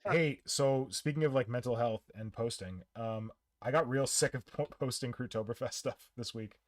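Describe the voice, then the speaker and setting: Stream host, man, loose and joking, average pitch, talks off the cuff. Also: normal speed. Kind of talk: casual chat.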